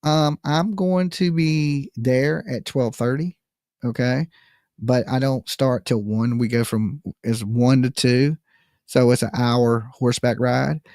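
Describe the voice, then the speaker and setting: A man's voice: mid-range voice, a little mellow, dry recording, clean studio sound. A man hosting a live call-in stream, joking and slangy, talking casually straight to his viewers. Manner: joking, slangy, talks to the chat. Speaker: live call-in show host. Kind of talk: casual livestream chat.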